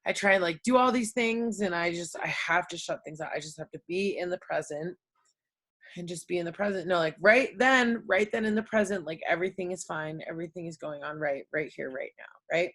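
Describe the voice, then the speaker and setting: A woman's voice: fairly low pitch, a little fast, a bit bright. A woman in her thirties talking casually to her viewers, chatty and open, with lots of fillers and tag questions. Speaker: host. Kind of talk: casual talk to camera.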